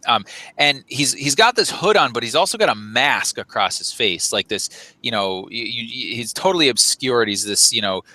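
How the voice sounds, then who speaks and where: A man running a tabletop role-playing game, describing scenes in a relaxed way with frequent fillers. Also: mid-range voice, normal speed, no echo. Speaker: game master.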